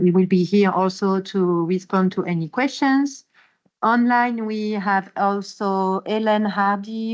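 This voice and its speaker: A woman from France with a French accent, introducing colleagues at the start of a hybrid meeting in a halting, friendly way. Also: medium pitch. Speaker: staff member introducing a meeting. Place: meeting room. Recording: muffled meeting-room recording.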